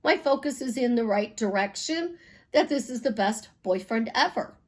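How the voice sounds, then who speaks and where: A woman from Chicago, a life coach, telling stories bluntly in an animated, casual monologue with some swearing. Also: on the high side, normal speed.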